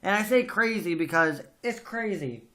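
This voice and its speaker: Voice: medium pitch, lively intonation, moderate pace, a bit bright. A podcast host in a casual book discussion, talking emphatically and venting strong opinions.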